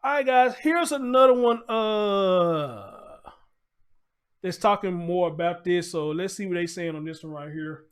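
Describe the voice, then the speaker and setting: A man's voice: sits high, a little slow, smooth. A man hosting his own commentary show, ranting bluntly and heatedly, swearing and repeating himself. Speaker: show host. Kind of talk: profane commentary rant.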